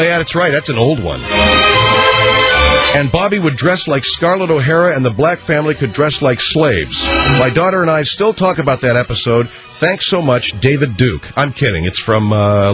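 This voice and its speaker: A man hosting a radio show, reading listener mail aloud with sarcastic asides. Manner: wisecracking, sarcastic, drifts between pitches while reading letters.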